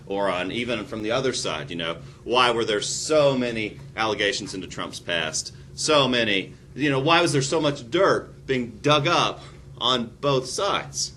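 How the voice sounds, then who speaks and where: A male history lecturer talks through his material in an animated, theatrical way. He keeps a middle-pitched voice, drops in wry, sarcastic asides, and a faint hiss sits under the recording. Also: a little slow. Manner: animated, acts out quotes with big pitch jumps.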